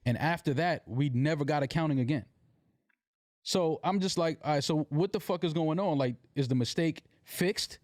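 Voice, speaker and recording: A man's voice: fairly high pitch, moderate pace, a little mellow, no echo. Exasperated man on a podcast, dry sound. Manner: agreeing backchannel, then terse and exasperated. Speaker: podcast co-host. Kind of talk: candid podcast talk.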